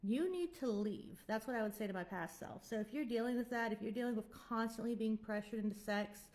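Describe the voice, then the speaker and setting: A vlogger in her twenties speaks at a fairly high pitch and a slightly quick pace, with a darkish tone. She tells her own story frankly, rambles at times, and hands out blunt advice.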